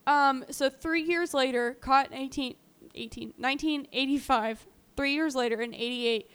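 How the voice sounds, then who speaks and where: This podcast co-host has a smooth, fairly bright voice that sits high, at normal speed. She chats casually through a true-crime story, using lots of filler words.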